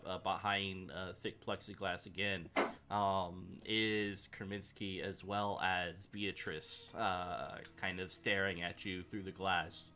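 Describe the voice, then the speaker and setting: A man running a tabletop game in a lowish yet bright voice. He narrates in a loose, relaxed way, stopping often on fillers. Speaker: game master.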